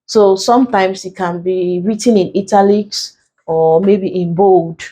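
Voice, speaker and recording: A woman teaching an English exam tutorial, explaining patiently, repeating key points and slowing down to dictate notes. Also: mid-range voice, a little mellow, rough recording.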